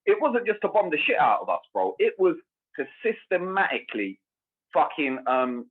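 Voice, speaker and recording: A fired-up man rants through a tinny, phone-like call line. His voice sits a little high and slightly husky. He swears heavily and says "bro" and "bruv" every few words. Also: normal speed. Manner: animated, ranting, heavy swearing, peppers speech with bro and bruv. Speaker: podcast co-host. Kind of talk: heated casual chat. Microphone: remote call.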